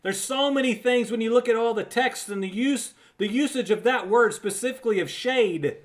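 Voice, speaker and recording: Speaking at a moderate pace in a very high-pitched voice, a man gives a recorded Bible teaching. He stays conversational but emphatic, repeating words for stress and calling the listener friend.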